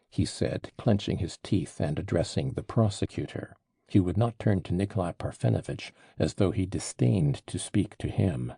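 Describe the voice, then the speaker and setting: A man reading an audiobook in a subdued, low-key scripted narration. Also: expressive, normal speed, gravelly, warm tone, breathy edge, no room sound, clean studio sound.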